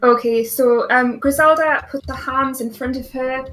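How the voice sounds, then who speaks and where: A woman's voice: sits high, steady tone, a little slow, a bit bright, faint music behind, rough recording. A woman playing a tabletop game, hesitant, with many ums. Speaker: player.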